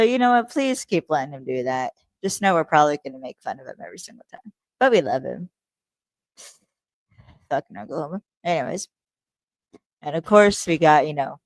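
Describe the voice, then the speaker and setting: A woman with a low, deep voice hosts a laid-back solo podcast, rambling through her thoughts with plenty of fillers and casual swearing. Her voice sounds dry and close, with no room echo. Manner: rambling, profane, lots of "like" fillers. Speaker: podcast host.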